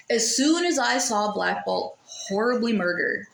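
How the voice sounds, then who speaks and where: A woman with a fairly high voice, ranting in a loose, sarcastic way and cursing freely as her frustration shows. The sound comes from a camera mic in a room with a noticeable echo. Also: lively intonation, slow, gravelly, a bit bright. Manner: sarcastic, exasperated, swears freely. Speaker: vlogger. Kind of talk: casual rant.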